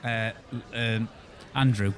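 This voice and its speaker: A man's voice: lowish voice, fairly even intonation, slow. A man co-hosting a podcast, telling jokes in casual chat with a giggly, self-mocking manner. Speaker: podcast co-host.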